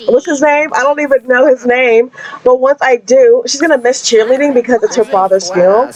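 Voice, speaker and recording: A woman's voice: high-pitched, a little fast, highs cut off, a crowd in the background. Chatty gossipy woman narrating a game. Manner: chatty, gossipy, voices characters' dramas with frequent laughs and "like". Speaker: game streamer. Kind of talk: casual Sims gameplay narration.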